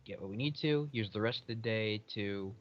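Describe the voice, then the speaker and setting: A man's voice: on the low side, moderate pace, highs cut off. A man casually chatting as a player in a tabletop game, planning the group's next moves. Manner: easygoing, planning aloud.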